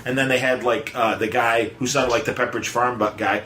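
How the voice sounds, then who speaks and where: A man's voice: mid-range voice, steady tone, fairly quick, bright, forceful tone, a little hiss or hum. Rambling man in an echoey room. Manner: rambling, digressive storyteller. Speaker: podcast host. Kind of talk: casual chat. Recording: echoey room with faint music.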